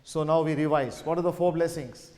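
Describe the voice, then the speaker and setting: A man's voice: a little high, steady tone, fairly quick, darkish tone. A man preaching a sermon in a gospel hall, with emphatic, repetitive phrasing that builds and falls back. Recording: long reverb of a gospel hall.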